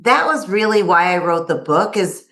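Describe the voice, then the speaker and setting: A woman's voice: lowish voice, lively intonation, normal speed, a bit bright. A middle-aged woman, a guest author in a casual interview, chatty and acting out her own inner thoughts in quotes. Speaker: guest, workplace wellbeing author.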